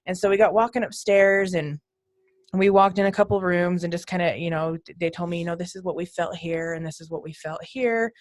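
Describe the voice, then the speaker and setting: A woman's voice: fairly low pitch, steady tone, a little fast, no room sound, studio quality. A woman guest on a podcast, telling her ghost hunting stories casually and acting out the voices in them.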